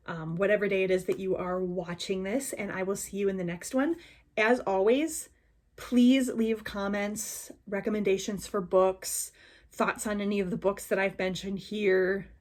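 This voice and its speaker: A woman book vlogger talking casually and with enthusiasm, with lots of ums. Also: mid-range voice. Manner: chatty, enthusiastic, many ums. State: hiccuping. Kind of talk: casual chat.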